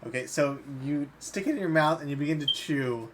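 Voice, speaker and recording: A man narrating a tabletop game as game master, relaxed and quick to laugh. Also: fairly high pitch, background noise. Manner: relaxed, often breaks into laughter.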